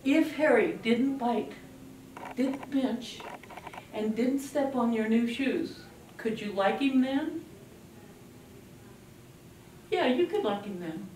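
A woman giving a parenting workshop to a live audience, animated and acting out scenes with a puppet. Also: fairly high pitch, slow, long pauses, slight background noise. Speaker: parenting speaker. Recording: echoey room from a distant mic.

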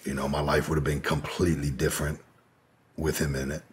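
A man's voice: extremely low pitch, little pitch movement, fairly quick, background noise. A man as an interview guest, telling a personal story in a candid, profane way with many fillers. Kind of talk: casual storytelling.

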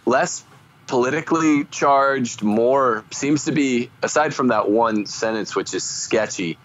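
A man co-hosting a podcast, chatting casually and chiming in with quick agreement. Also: mid-range voice, a bit bright, muffled recording. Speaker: podcast co-host. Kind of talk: casual discussion.

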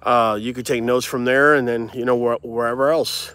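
A dog breeder hosting a casual livestream from his yard, answering viewer comments in a relaxed, chatty way with lots of "man" and "bro.". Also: mid-range voice, normal speed, hardly any pauses, smooth, no echo. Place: outdoors in a yard with dogs.

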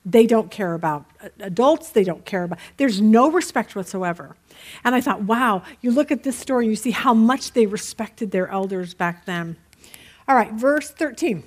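A middle-aged woman with a slightly high voice teaches a Bible study class. She talks casually and warmly to her group, mixing in a joke now and then before reading the next verses aloud. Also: animated, normal speed. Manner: chatty, tells jokes, reads scripture aloud.

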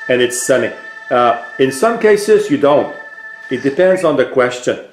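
Tech vlogger, man, mid-pitched, relaxed explainer with fillers, echoey room. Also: unhurried, faint music behind. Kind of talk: casual product demonstration. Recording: roomy echo.

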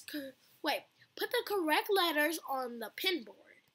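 A woman's voice: high-pitched, a little slow. A young woman commenting casually on a video game she is playing, talking to her viewers and screaming a lot as she plays. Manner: screams often, excitable, talks to viewers. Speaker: gaming video host.

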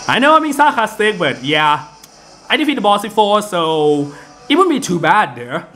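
Male gameplay commentator, slightly high voice, rambling casual delivery with frequent restarts. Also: very animated, moderate pace, a bit bright. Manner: rambling with many fillers and restarts. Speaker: gaming video host. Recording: game music in the background.

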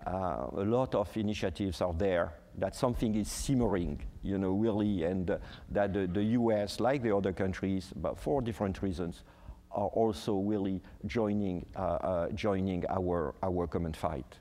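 A man's voice: low voice, moderate pace, in a large hall. A man in his sixties with a French accent, speaking as a guest ambassador in a panel conversation, hesitant with many fillers. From France. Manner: hesitant, animated storytelling with frequent fillers.

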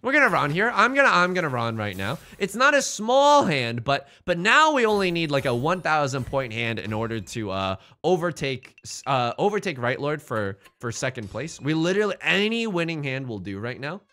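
A man's voice: a little high, very animated, fairly quick, hardly any pauses, pushed and bright. A male streamer giving casual, joking commentary on his game and reading chat in a playful, self-mocking way.

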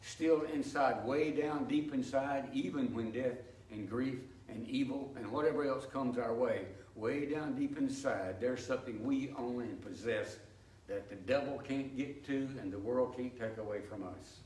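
A man's voice: mid-range voice, moderate pace, darkish tone. Echoey older man teaching Bible study. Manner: folksy, explanatory, tells anecdotes. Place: church sanctuary. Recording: echoey, distant, faint ambience.

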